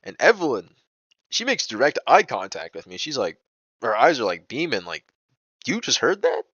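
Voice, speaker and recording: A man's voice: medium pitch, wildly swooping pitch, normal speed, fairly bright tone, dry recording, muffled recording. A young man telling a personal story in a casual vlog, rambling and profane, full of "bro" and "like". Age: young adult. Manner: agitated, indignant retelling.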